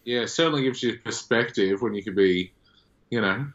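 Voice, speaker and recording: Australian comedian guest, lower voice, easygoing and dry, dull lo-fi sound. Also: male voice, a little fast. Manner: relaxed, wry, hedging with "sort of". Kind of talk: casual interview.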